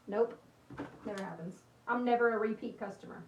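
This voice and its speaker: A bubbly young woman with a drawl chats her way through a craft livestream, rambling to her viewers. Her voice sits a touch high, and it comes from a little away from the mic in a roomy space with a faint hiss underneath. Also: brisk, recorded from a distance. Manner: chatty, bubbly, rambling, laughs often. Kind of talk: casual livestream chat while crafting.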